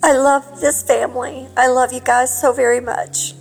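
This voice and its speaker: A woman from Kentucky leaves a phoned-in message, her voice slightly high. She sounds tearful and heartfelt, pausing often. Soft music plays faintly behind her. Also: flat delivery, vocal fry, poor audio. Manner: tearful and heartfelt, with many fillers. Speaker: caller.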